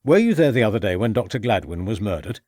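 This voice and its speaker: A man's voice: lowish voice, sing-song, fast talker, darkish tone, dry recording. A man reading an audiobook, voicing a shrewd, stern male police inspector who questions in a dry, mocking way. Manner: probing, dryly mocking.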